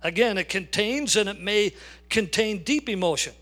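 An older man delivers a sermon from the pulpit, pressing his points with emphatic, drawn-out stresses. His voice sits notably high for a man. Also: expressive, sharp tone. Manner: emphatic, slows and stresses key words. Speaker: pastor.

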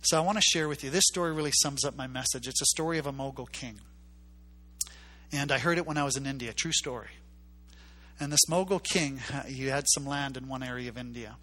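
A man's voice: mid-range voice, brisk, sharp tone. A man preaching a sermon, telling a story and acting out its characters' voices with emphatic repetition.

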